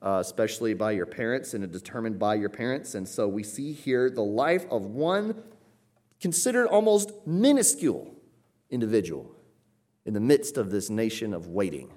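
Man preaching, swings from loud to hushed. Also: sing-song, moderate pace. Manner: expository, rising to emphatic peaks then dropping low and quiet. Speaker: pastor. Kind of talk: sermon.

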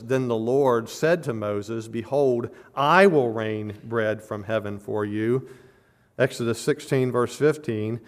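A man preaching a sermon, teaching through a passage verse by verse with a measured delivery that rises to emphatic stress on key words. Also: medium pitch. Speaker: pastor. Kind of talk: expository sermon.

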